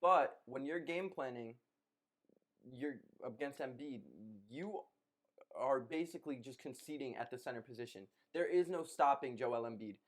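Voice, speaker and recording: A man's voice: medium pitch, normal speed. A young man co-hosting a casual podcast, arguing a basketball point and repeating phrases. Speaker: podcast co-host. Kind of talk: casual sports debate.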